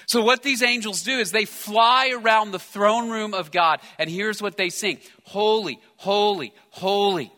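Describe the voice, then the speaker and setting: Brief: male pastor, bright slightly high voice, earnest sermon delivery, long church reverb. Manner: earnest preaching, slows and softens on scripture. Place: church sanctuary.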